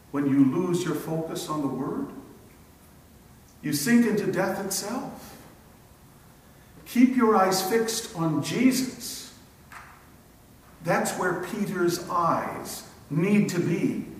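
Slow-preaching man in an echoey hall. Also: high voice. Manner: slow, emphatic preaching with dramatic pauses. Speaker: pastor. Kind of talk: sermon. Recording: echoey church hall from far off.

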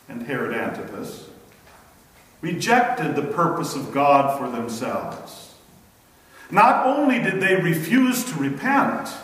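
A man preaching a sermon in a church, with a solemn, deliberate delivery. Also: on the high side, fairly bright tone. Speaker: pastor. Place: church sanctuary. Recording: echoey hall, distant mic.

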